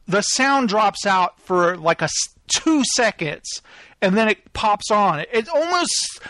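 A man in his thirties hosting a live podcast, telling a story in a casual, animated way and acting out both sides of the conversations. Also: high-pitched, no echo. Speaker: podcast host.

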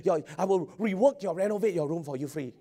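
A man's voice: high voice, quick pace, mellow. A man voicing a male demon that coaxingly asks to be let into a body. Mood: wheedling.

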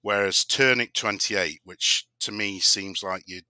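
A man's voice: fairly low pitch, fairly even intonation, unhurried, bright, forceful tone, clear, resonant tone, no echo. A man co-hosting a podcast in casual banter, joking and laughing often. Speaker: podcast co-host.

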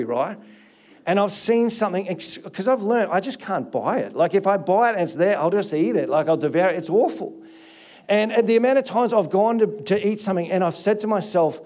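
A man's voice: high-pitched, a little mellow. A middle-aged man, a guest pastor giving a sermon, telling confessional stories with many restarts.

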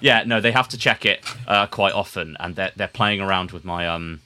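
Bright-voiced posh English man, rambling. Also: low-pitched, clear, resonant tone. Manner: rambling, halting, laughs often. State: woozy after a blood test. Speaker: podcast co-host. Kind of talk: casual chat.

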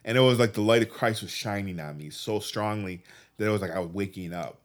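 A man earnestly telling a personal faith story, often halting and restarting his sentences. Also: on the low side. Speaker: guest telling his testimony.

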